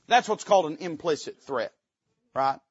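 A man's voice: on the high side, lively intonation, normal speed, slightly rough, no echo. Male preacher, folksy and joking, punchy emphatic rises, muffled lo-fi recording. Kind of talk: sermon.

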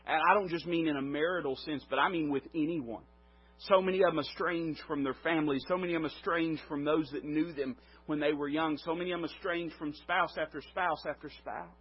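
A man preaching with a fairly high, husky voice. He presses hard on his points, rising loud and then falling quiet. The recording is dull and lo-fi. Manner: emphatic, swelling and dropping in volume. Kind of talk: sermon.

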